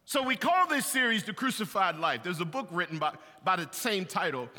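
A man preaching a sermon as pastor of a large church, animated, swinging between loud bursts and hushed confessional passages. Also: sits high, brisk, long reverb tail.

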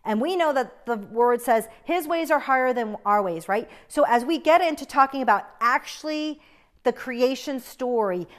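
Casting: young woman, slightly high voice, earnest Bible teacher, chatty and friendly. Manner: earnest and chatty, often adds "right?".

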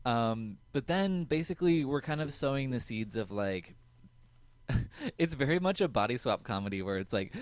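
A man co-hosts a podcast in a loose, joking chat about an episode. He slips into sarcastic asides and laughs easily. His voice sits mid-pitch and sounds dry, with no room echo. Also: animated, moderate pace. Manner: joking, sarcastic, laughs often, acts out quotes. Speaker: podcast co-host. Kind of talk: casual recap chat.

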